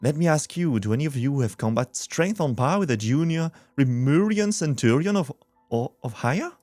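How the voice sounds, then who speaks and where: A man playing a grand woman of an ancient age, lofty and theatrical, lively pitch, slightly raised voice. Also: normal speed, dry recording, faint music behind, natural voice. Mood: formal.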